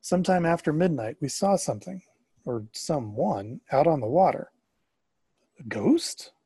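A man narrating a story in the first person, expressive and sometimes rising to excited questions. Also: a little high, unhurried, slightly rough, no echo.

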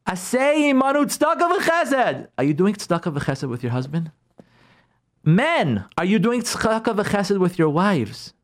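A man's voice: high-pitched, sing-song, unhurried. A man, a rabbi, giving an emphatic radio talk on Jewish law and marriage, repeating key words and acting out his listeners' objections.

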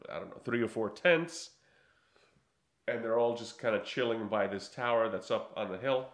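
A man's voice: medium pitch, a bit bright, echoey room. A man in casual chat recapping a film, laughing often and acting out lines in funny voices.

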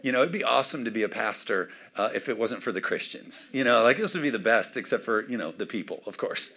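A middle-aged man preaching a sermon as pastor, with emphatic swings between loud declarations and quiet asides. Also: on the low side, expressive, quick pace.

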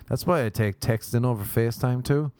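A man's voice: medium pitch, fairly quick, darkish tone, dry recording, clean studio sound. A young Irish man doing a rambling, sardonic stand-up comedy routine. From Ireland. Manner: rambling, sardonic observational storytelling.

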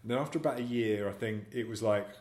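A man's voice: lowish voice, quick pace, darkish tone. A man speaking as an actor guest in a casual interview, telling rambling, self-deprecating anecdotes. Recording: echoey room.

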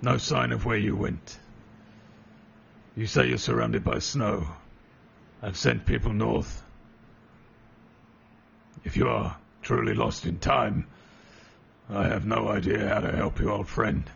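A man voicing a gruff, half-beastly male ally whose words come out with growling inflections. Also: fairly low pitch, steady tone, slow, long pauses, fairly bright tone, slight background noise, heavily acted. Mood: gruff urgent. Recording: dull lo-fi sound.

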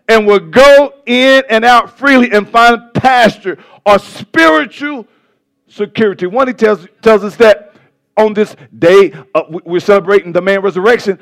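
A male pastor preaching a sermon with passion, stumbling over words and swinging between loud bursts and soft asides. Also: high voice, moderate pace, creaky.

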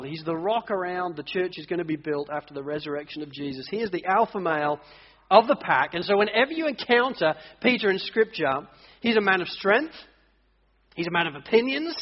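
High-voiced preacher in a reverberant hall. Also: male voice. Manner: animated storytelling, acts out voices in stories. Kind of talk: sermon. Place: church hall. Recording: dull audio, long church reverb.

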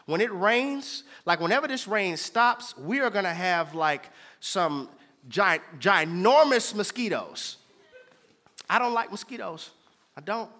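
A man preaching a sermon. He moves between hushed, whispered lows and loud, almost sung peaks. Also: animated, measured pace. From Houston, Texas. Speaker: pastor. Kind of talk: sermon with prayer.

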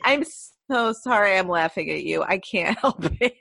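A woman's voice: mid-range voice, expressive, moderate pace, creaky, sharp tone, dry recording, studio quality. A woman hosting a podcast, chatting casually, teasing and giggling apologetically. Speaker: podcast host. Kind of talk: casual chat.

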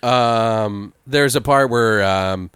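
A young man in casual chat about a film, loose and laughing, often acting out quotes in high silly voices. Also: very slow, fairly bright tone, clean tone, no room sound.

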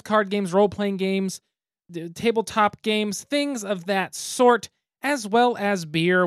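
A man's voice: high-pitched, dry recording. Man, podcast host, casual chat, laughs easily, close dry mic. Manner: relaxed, chatty, laughs easily. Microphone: mic on a stand.

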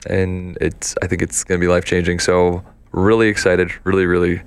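A man's voice: low voice, flat delivery, a little fast, smooth. A young man chatting as a guest in an interview, telling stories loosely with many fillers and restarts. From Canada. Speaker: guest, country singer and doctor. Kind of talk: casual interview chat.

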